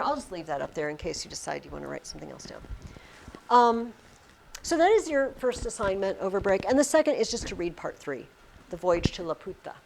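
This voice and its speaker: Woman teacher, lively pitch, classroom lesson, quizzes students. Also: creaky, a little hiss or hum. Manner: animated, questioning students.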